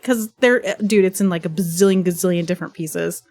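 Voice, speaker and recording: A young woman livestreaming, telling a chaotic story in a rambling, profane, animated way, with a stuffy nose from sneezing. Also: fairly low pitch, fast, hardly any pauses. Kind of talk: casual chat.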